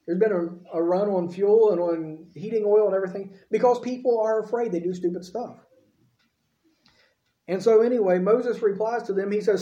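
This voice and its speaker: A man's voice: high-pitched, moderate pace, dark tone, roomy sound, muffled recording. A man preaching a sermon in a folksy, conversational way, with frequent asides to the congregation.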